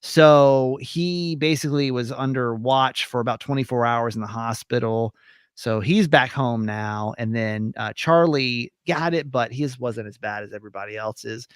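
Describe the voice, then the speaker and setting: A man's voice: medium pitch, moderate pace, clear, resonant tone, dry recording, studio quality. A man hosting a podcast, chatting casually in a rambling way with some swearing. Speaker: podcast host. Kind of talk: casual chat.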